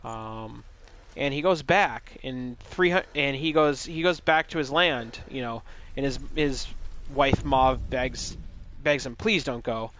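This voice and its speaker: A man's voice: medium pitch, slow, a bit bright, slight background noise. A man streaming a game live, retelling a story in a loose, rambling, joking way with plenty of swearing. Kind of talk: casual live gaming commentary.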